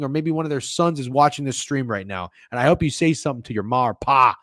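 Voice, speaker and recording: A man's voice: mid-range voice, fast, hardly any pauses, no room sound. Profane sports-betting man ranting, dry sound. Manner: profane, swings from mumbling to loud outbursts. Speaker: sports betting podcast host. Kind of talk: casual livestream rant.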